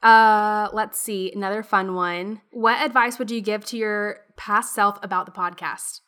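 A young woman in her twenties hosting a podcast, chatting casually and upbeat with quick interjections. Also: mid-range voice, fairly even intonation, a bit bright. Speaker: podcast host.

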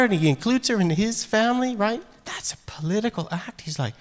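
A man preaching a sermon in a casual, animated way, acting out quoted lines. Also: high-pitched, moderate pace. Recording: long hall reverb.

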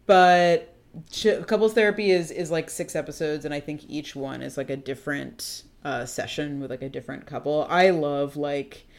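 Low-voiced woman, casual podcast chatter. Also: moderate pace. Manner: chatty, filler-heavy, laughs often. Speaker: podcast co-host. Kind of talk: casual chat.

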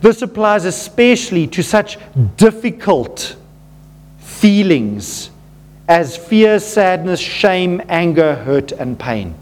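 Man, pastor preaching, fairly high voice, earnest, animated, drops to a hush at emotional points. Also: takes it slowly. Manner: animated, drops low and quiet for emotional moments; earnest, addresses listeners as folks. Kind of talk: sermon.

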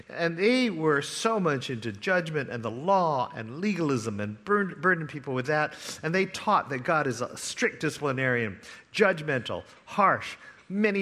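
A man preaching a sermon in a bright, forceful voice. His pitch sits a little high for a man. He retells a parable with swings between hushed lines and loud, eager ones. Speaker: pastor.

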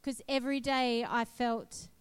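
A woman giving a sermon built around her own testimony, speaking slowly and deliberately. Her voice sits a little high and sounds smooth and clear. She tells her story earnestly and with emphasis. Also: little pitch movement. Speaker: preacher sharing testimony.

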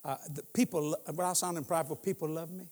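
A man's voice: fairly high pitch, steady tone, quick pace, darkish tone, in a large hall. A man in his sixties preaching as a guest in a church, telling humorous stories and laughing often. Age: 60s. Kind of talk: sermon.

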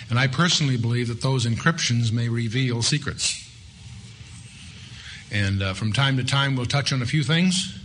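A man teaches an evening Bible study in an easy, conversational tone. His voice is bright and sits at a middle pitch. A faint hiss of background noise runs under the recording. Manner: conversational, reads scripture aloud with rising emphasis.

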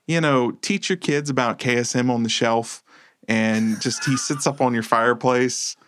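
A man's voice: mid-range voice, fairly even intonation, normal speed, a bit bright, slight background noise. A man co-hosting a movie podcast, chatting casually in a laid-back, rambling, self-deprecating way. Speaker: podcast co-host.

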